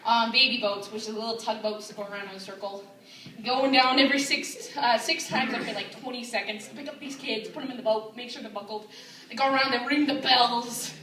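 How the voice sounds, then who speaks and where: A young woman performing a stand-up comedy set, telling a deadpan story and acting out the people in it with a raised voice. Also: on the high side, fairly quick. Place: comedy club stage. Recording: roomy, distant mic with crowd laughter. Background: audience laughing.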